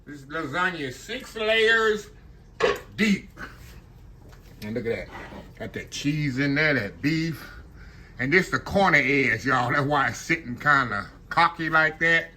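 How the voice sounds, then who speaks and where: A man's voice: mid-range voice, moderate pace, sharp tone, a little hiss or hum. A man chatting casually to his viewers while cooking at home in his kitchen. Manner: chatty, talks to viewers as "y'all". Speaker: home cook.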